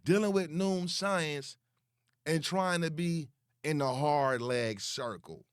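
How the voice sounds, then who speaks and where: Slow, taunting man calling someone out. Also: fairly high pitch, smooth, dry recording, studio quality. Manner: repeats words for emphasis. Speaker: online commentator. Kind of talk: confrontational call-out rant.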